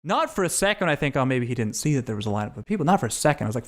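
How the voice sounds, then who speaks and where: A man's voice: mid-range voice, lively intonation, racing, few pauses. A man, a podcast guest telling candid, profane, self-reflective stories in casual conversation.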